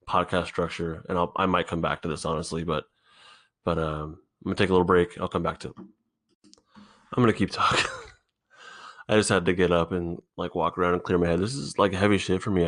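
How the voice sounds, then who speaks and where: A man hosting a solo podcast, thinking out loud in a halting, rambling way, swearing often, recorded in an indoor room. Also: low-pitched. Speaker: podcast host.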